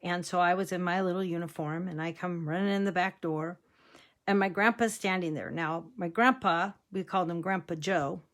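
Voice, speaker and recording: A woman's voice: lowish voice, steady tone, normal speed, a bit bright. A woman demonstrating card making in a casual, chatty way, wandering off into stories and laughing easily. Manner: chatty, rambling storyteller who laughs easily. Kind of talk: casual crafting tutorial chat.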